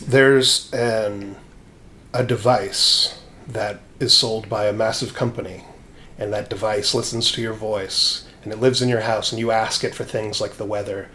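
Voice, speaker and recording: A man's voice: on the low side, fairly even intonation, a little slow, bright, forceful tone. Dry-joking man co-hosting a podcast. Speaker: podcast co-host. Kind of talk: casual chat.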